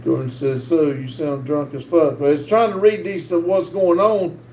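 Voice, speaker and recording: A middle-aged man with a North Carolina accent hosts a live stream and reads viewer comments aloud, halting often with "uh". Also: fairly high pitch, fairly even intonation, a little mellow. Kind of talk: casual live-stream chat. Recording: echoey room with faint background hiss.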